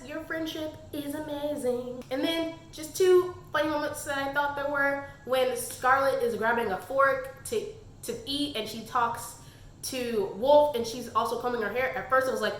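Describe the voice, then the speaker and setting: A chatty young woman in a book review vlog, with a high, bright voice. She talks in an animated way, tossing off quick character impressions between her own comments, and the sound is echoey, as if she is in a bare room. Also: slight background noise.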